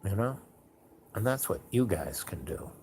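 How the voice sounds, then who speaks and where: A fairly low, sing-song, slightly mellow male voice moves at a measured pace through this casual storytelling monologue, with slight background noise. The host rambles, leaning on "like" and "you know," and acts out quotes in a raised theatrical voice.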